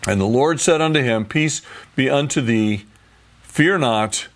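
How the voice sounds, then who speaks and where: A man's voice: mid-range voice, a little slow. A man teaching the Bible verse by verse, reading scripture aloud and then explaining it in plain words.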